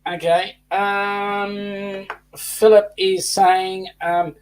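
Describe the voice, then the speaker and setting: A man's voice: high voice, normal speed, rough recording. A man with an Australian accent co-hosting a casual live chat, joking and reading viewer comments aloud. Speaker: co-host.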